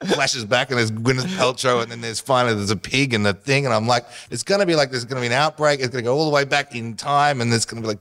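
A middle-aged man, a guest, telling a funny story with lots of laughs and acted-out voices. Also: medium pitch. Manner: animated storyteller, acts out voices, laughs often. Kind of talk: casual anecdote telling.

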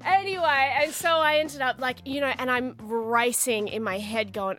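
Brief: young Australian woman radio co-host, high bright-pitched voice, theatrical exclamations, studio mic. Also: moderate pace. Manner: animated, dramatic, acts out her own panic with exclamations. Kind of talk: casual radio banter, storytelling. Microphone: studio microphone.

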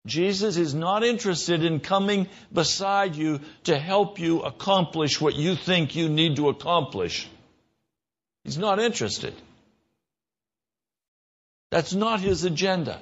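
A man preaching a sermon in an earnest voice, his pitch rising when he stresses a point or acts out a quick exchange. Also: animated, fairly bright tone, lo-fi sound. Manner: earnest, rises in pitch for emphasis and mimicked dialogue.

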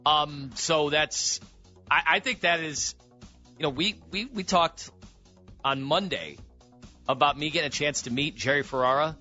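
A radio co-host chats casually and jumps in with quick questions. His voice is slightly high and bright. The audio sounds dull, with faint music underneath. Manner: chatty, chimes in with quick questions.

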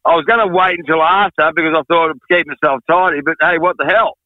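A man's voice: fairly high pitch, fairly even intonation, fast, no room sound, phone-quality sound. A man, a drummer, chatting as a guest on a radio show in a laid-back, joking way. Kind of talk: casual radio interview.

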